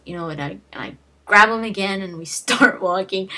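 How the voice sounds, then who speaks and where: A woman's voice: mid-range voice, fairly quick, pushed and bright. A young woman vlogger casually retelling game moments, rambling with many fillers and restarts and acting out what characters said. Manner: rambling, lots of fillers and restarts, acts out quotes. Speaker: gaming vlogger. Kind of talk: casual storytelling.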